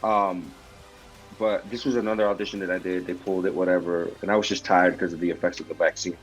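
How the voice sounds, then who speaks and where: A man guest telling stories in a casual interview, excitable and animated, acting out moments from his past. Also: sits low, fast, highs cut off, faint music behind. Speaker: actor guest.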